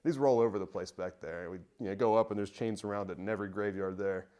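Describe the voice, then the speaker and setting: Low-voiced man telling a ghost story. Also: steady tone, mellow, smooth. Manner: conversational, halting with frequent pauses and fillers. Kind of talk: casual spoken ghost story.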